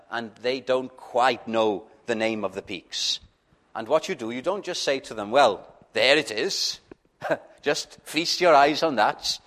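A man's voice: mid-range voice, a bit bright. A man preaching an evangelical sermon, pleading with his listeners in questions, stumbling on first words and building to fervent peaks. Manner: stammers on openings.

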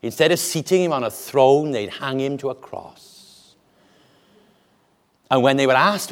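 A man preaching a sermon with an animated, deliberate delivery and dramatic pauses. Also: mid-range voice.

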